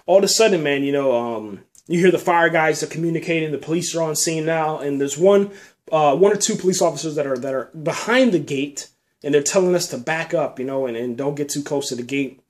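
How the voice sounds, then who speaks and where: His voice runs on the high side and brisk as he tells about a nightmare in a loose, meandering way. Curses come often, and "man" and "you know" pop up all through the casual tale.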